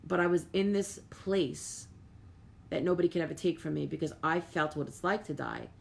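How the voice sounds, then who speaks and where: A woman's voice: sits low, normal speed, gravelly, a little hiss or hum. A middle-aged woman medium, hosting a live stream and talking earnestly to viewers, with lots of "like" and repeated words. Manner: reads out viewer comments and thanks viewers by name.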